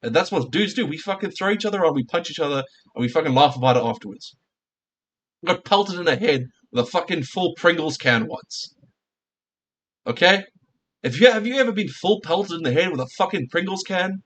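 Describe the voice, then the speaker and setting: A man's voice: fairly high pitch, animated, fairly quick, a bit bright. A male streamer in a casual reaction rant, heated and profane, firing off rhetorical questions at his viewers.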